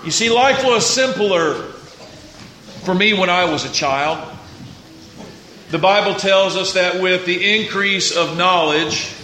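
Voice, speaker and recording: A man preaching a sermon as pastor, dropping to hushed prayer and rising to loud rapid exhortation, asking the congregation for responses. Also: high voice, reverberant, a little hiss or hum, poor audio. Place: church sanctuary.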